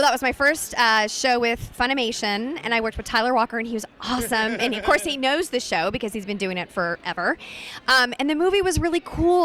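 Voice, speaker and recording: A woman voice actress chatting in a bubbly, animated way during a convention interview. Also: fairly high pitch. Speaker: voice actress guest. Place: busy convention floor.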